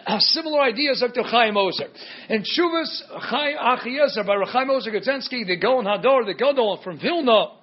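A man with a very high voice delivers a Talmud lecture on a dull, lo-fi recording. He keeps posing rhetorical questions and answering them himself, dropping Hebrew and Aramaic terms into his English. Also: expressive, fairly quick. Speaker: Torah teacher.

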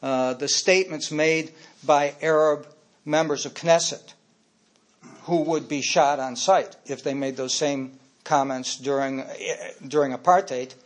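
A man's voice: fairly high pitch, fairly even intonation, a little slow. An older man giving a speech, telling personal stories in an anecdotal way and getting emotional as he speaks.

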